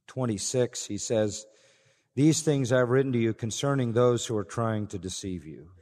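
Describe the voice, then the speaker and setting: A man's voice: medium pitch, a little mellow. A man preaching an expository sermon, earnest and emphatic, often repeating key phrases. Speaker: pastor. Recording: long reverb of a large hall.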